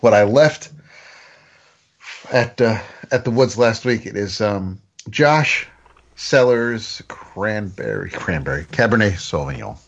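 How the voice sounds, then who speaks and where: Low guy chatting on a podcast, goes up and down a lot, muffled mic. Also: animated, slow. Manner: rambling, hesitant, lots of ums and restarts. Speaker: podcast co-host. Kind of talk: casual chat. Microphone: home mic, moved around.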